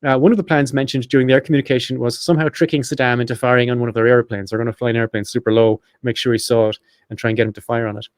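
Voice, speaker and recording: A man hosting a podcast, reading a prepared script quickly with chatty asides and self-corrections. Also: mid-range voice, steady tone, smooth, no echo, clean studio sound. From Ireland. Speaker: podcast host.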